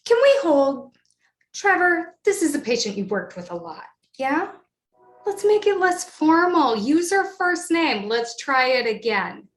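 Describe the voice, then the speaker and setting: A bossy video director, a woman putting it on, high and brisk. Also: big pitch swings, a bit bright, full character voice. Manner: giving quick instructions. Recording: roomy echo.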